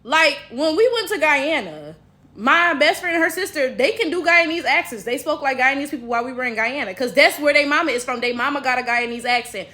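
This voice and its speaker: A woman's voice: high voice, lively intonation, fairly quick, sharp tone. An American woman giving a blunt, profane commentary rant to her viewers, full of rhetorical asides. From United States. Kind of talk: casual commentary vlog.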